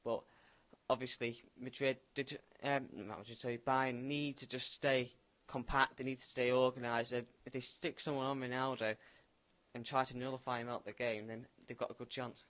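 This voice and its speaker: A man's voice: mid-range voice, moderate pace. A man co-hosting a casual football chat, offering opinions and often tagging his lines with questions. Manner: chatty, tag questions, relaxed opinions. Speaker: co-host.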